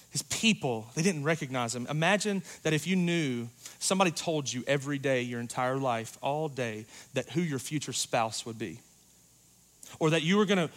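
A man preaching a sermon in a church, talking casually and joking, going loud and then quiet for emphasis. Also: on the high side. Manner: conversational, joking, rises and drops in volume for emphasis.

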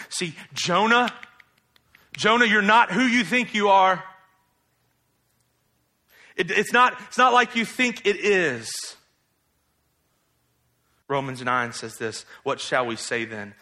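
A man preaching an expository sermon in a conversational, animated way, asking rhetorical questions. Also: high-pitched, slow, long pauses.

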